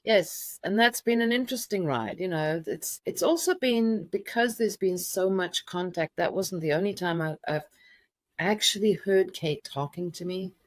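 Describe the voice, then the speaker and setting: A middle-aged woman telling a personal story as an interview guest, halting with many restarts. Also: fairly low pitch, no echo.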